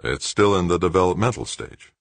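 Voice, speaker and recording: A man voicing an ambitious male executive, a former astronaut, explaining in a calm, matter-of-fact way. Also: low-pitched, brisk, vocal fry, dry recording.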